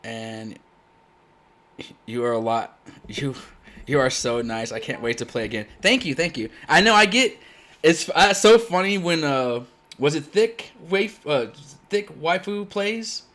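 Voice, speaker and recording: A man born in Germany, a native German speaker, hosting a game tournament in casual chat, blunt and loud when excited. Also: a little high, unhurried. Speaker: tournament host.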